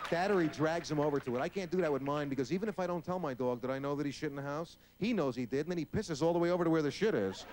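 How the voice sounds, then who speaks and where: A man's voice: fairly high pitch, racing, few pauses, a little mellow, some chatter behind. A male stand-up comedian on stage before a live audience, talking brashly and profanely and acting out voices. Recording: hissy old VHS tape recording.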